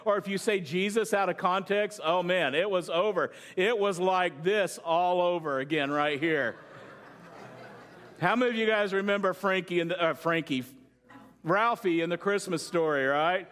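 High-voiced joking pastor. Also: male voice, normal speed, a bit bright, clear, resonant tone. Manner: conversational, joking with the congregation. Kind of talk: sermon.

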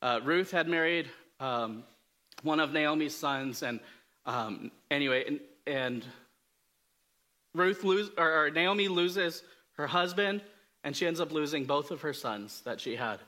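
Bright-voiced man preaching casually. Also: a little high, lively intonation, unhurried. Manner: conversational, self-deprecating humor, frequent fillers and restarts. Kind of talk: casual storytelling sermon.

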